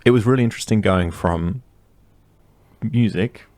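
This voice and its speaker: A man's voice: fairly low pitch, moderate pace, a little mellow. A young man co-hosting a podcast, talking in a casual, rambling way and laughing often. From Australia. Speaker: podcast co-host. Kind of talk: casual chat.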